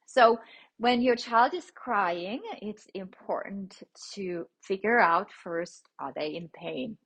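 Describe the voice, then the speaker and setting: A woman hosting a parenting podcast, explaining child-rearing principles in a gentle, teacherly way, often checking in with "okay?". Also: mid-range voice, breathy edge. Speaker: parenting podcast host, licensed clinical social worker. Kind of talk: instructive podcast talk.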